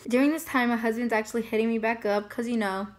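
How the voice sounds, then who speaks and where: A woman's voice: a little high, steady tone, fast. A young woman casually telling a personal story, chatty and full of fillers. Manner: chatty, many fillers like "like" and "you know". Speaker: family vlogger.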